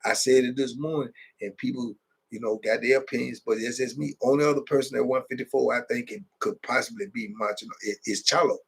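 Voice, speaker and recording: Middle-aged guy hosting a late night chat, gravelly husky voice, streetwise, keeps repeating himself. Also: mid-range voice, quick pace. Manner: animated storytelling, repeats phrases, laughs, street slang. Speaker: host.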